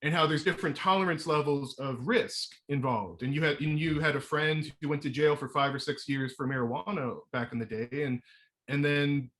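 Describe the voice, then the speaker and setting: A man hosting a casual conversation, hesitant and searching for words, with many pauses and restarts. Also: on the high side, fairly even intonation, fairly bright tone. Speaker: host.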